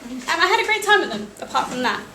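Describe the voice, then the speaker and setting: High-voiced British woman telling travel tales. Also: big pitch swings, fast talker, bright, forceful tone. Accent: British English. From England. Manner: wry, self-deprecating, with small laughs. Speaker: storyteller at a live event. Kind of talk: personal travel story told to an audience. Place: cafe event room. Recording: echoey cafe with noisy ambience.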